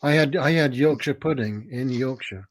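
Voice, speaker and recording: An English man, a guest in casual stream chat. He speaks in a hesitant, dry way and trails off quietly. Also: mid-range voice, moderate pace.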